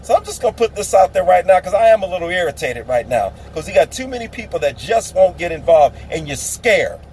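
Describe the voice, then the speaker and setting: A man launches into an impassioned political rant, hammering his points with repetition. His voice sits a touch high, and his delivery is preachy and emphatic. Faint traffic noise hums in the background. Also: big pitch swings, a little fast, a little mellow, rough recording. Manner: preachy, emphatic, repeats phrases for effect. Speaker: political vlogger.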